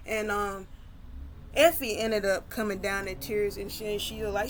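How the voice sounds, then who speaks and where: A woman's voice: mid-range voice, steady tone, normal speed, a bit bright, slight background noise. A woman casually retelling her own story, loose and conversational with many fillers.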